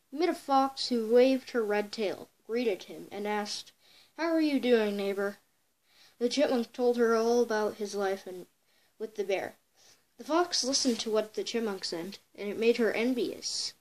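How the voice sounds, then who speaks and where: A woman's voice: fairly high pitch, darkish tone, poor audio. A girl telling a folk tale for a home video, reading with many stumbles and self-corrections. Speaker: storyteller.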